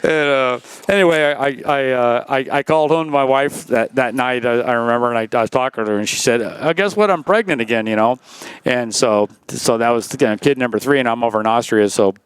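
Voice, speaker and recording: A man's voice: medium pitch, fairly even intonation, fairly quick, hardly any pauses, smooth, dry recording. A man in his sixties, a former racer telling stories in a casual interview, rambling with lots of "you know" and restarts.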